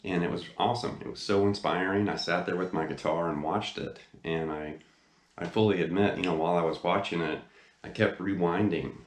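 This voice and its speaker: A man's voice: sits low, roomy sound. A man hosting a guitar lesson video, seated in front of a camera and chatting enthusiastically with lots of fillers. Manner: enthusiastic, rambling with many fillers. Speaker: guitar teacher, channel host. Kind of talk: casual video lesson talk. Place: indoor room, seated facing camera.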